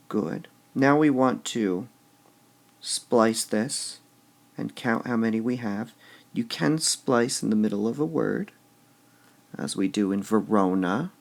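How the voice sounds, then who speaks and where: A man teaching poetic meter in a recorded lesson, slowly sounding out syllables and muttering to himself as he marks the stresses. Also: on the low side, gravelly. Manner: slow and deliberate, sounding out stressed syllables, drops to a mutter when writing.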